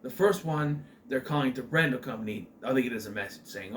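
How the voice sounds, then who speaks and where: A man of medium pitch talks through a film review in a loose, chatty way, full of fillers and restarted sentences. A faint noise sits under his voice. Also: fast, hardly any pauses, a bit bright. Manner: rambling, with many fillers and restarts. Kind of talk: casual spoken movie review.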